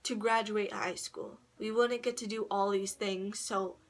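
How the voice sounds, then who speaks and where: A woman's voice: mid-range voice, fairly even intonation, unhurried. A teenage girl telling a long personal story to camera, rambling and swearing, with frequent laughs and quoted voices. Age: teens. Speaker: vlogger. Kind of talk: casual storytelling vlog.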